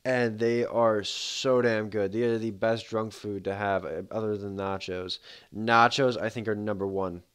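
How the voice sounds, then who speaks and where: A man's voice: lowish voice, fairly even intonation, a little slow, clear, resonant tone. A man streaming a game, chatting casually in a rambling, laid-back way full of fillers. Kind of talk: casual livestream commentary.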